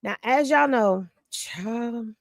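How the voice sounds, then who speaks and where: A woman's voice: fairly high pitch, lively intonation, normal speed, creaky, a bit bright, dry recording, clean studio sound. Chatty, tired woman hosting a live stream. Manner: chatty, gossipy, talks straight to viewers. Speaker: livestream host. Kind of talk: casual livestream chat.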